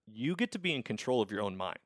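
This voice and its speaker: A man's voice: on the low side, sing-song, fast, dry recording, clean studio sound. A man hosting a podcast conversation over a video call, talking in a reflective, emphatic way and often restarting his sentences. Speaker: podcast host. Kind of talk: casual conversation.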